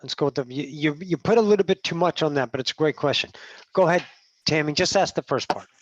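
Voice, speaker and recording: A trans woman channeling spiritual teachings in a meeting, blunt and profane, swinging from low murmurs to loud outbursts. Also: quick pace, no echo. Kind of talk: channeling session talk. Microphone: video call. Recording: dull, dry video call audio.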